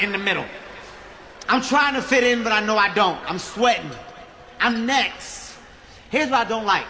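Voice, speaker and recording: Man, stand-up comedian, high voice, bright tone, short deadpan lines. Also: slight background noise. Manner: punchy, deadpan narration that slips into acted voices. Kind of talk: stand-up storytelling.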